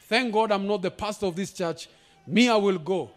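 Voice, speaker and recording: High-pitched shouting pastor. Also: male voice, moderate pace, soft background music. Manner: declares prophecy in shouted bursts, switches into Swahili asides. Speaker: guest pastor. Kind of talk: sermon. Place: church service.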